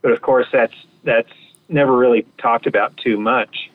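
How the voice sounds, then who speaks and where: A man's voice: medium pitch, steady tone, moderate pace. Male guest, casual rambling storyteller, heard over a tinny phone connection. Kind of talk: anecdotal storytelling.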